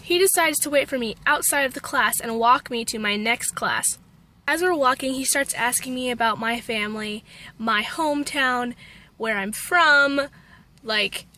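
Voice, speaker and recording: Young Texan woman vlogger, American accent, self-mocking storyteller, sharp voice. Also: sits high, moderate pace. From Texas. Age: young adult. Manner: self-deprecating, animated storytelling. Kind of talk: storytelling vlog.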